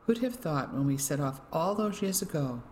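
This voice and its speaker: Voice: medium pitch, lively intonation, moderate pace, a little mellow, a little hiss or hum, close to an everyday voice. Narrator as a friendly middle-aged woman.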